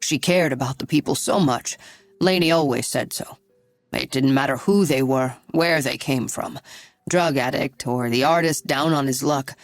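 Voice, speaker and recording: A woman's voice: rumbling low, normal speed, no room sound, voice pushed down. A woman reader voicing a chatty, sympathetic elderly man in an audiobook. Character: elderly wealthy man, kindly and talkative.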